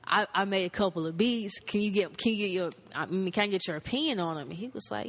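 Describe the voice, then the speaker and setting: A woman's voice: lowish voice, lively intonation, fast talker, hardly any pauses, a little hiss or hum. A woman in her thirties from North Carolina, a musician guest telling her story in a laid-back way, filling it with "like" and acting out old conversations. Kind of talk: casual storytelling.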